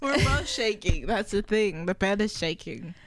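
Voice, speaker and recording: A woman's voice: mid-range voice, normal speed. A woman co-hosting a podcast, chatting casually and bantering playfully with her partner. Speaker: podcast co-host. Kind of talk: casual couple chat.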